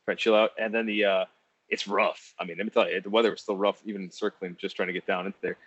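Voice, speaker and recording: A man hosting a podcast, telling a casual story in a profane, animated way and laughing often. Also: low voice, fast, slightly rough. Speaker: podcast host. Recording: dull, dry lo-fi podcast audio.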